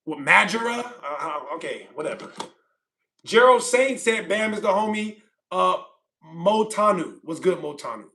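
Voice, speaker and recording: A man's voice: high-pitched, lively intonation, moderate pace, gravelly, pushed and bright. A man from California hosting a livestream, chatting casually and reading viewer comments aloud, rambling and repeating himself with frequent laughs. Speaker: livestream host.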